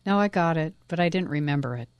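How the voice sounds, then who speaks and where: A woman's voice: low voice, animated, fast, highs cut off, slight background noise. A woman co-hosting a talk radio show, bantering and laughing along with the host.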